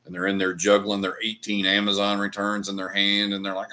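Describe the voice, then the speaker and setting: A man's voice: on the low side, monotone, brisk, hardly any pauses, pushed and bright. A middle-aged man hosting a livestream, chatting casually over whiskey in a rambling, profane ranting way. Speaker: livestream host. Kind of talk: casual chat while drinking whiskey.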